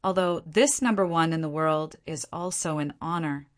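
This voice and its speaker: A boastful young man who cannot stop chattering, spilling self-pitying complaints and daydreams in a loose, rambling stream, read out by a woman narrator. The voice sits fairly low and keeps up an easy storybook flow. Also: moderate pace, close to an everyday voice.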